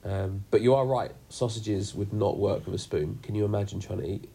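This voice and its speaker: A man runs a youth group chat over a video call, joking and rambling with plenty of fillers. His voice sits low and is a little husky. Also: fairly even intonation, brisk, warm tone. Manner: jokey, rambling with many fillers.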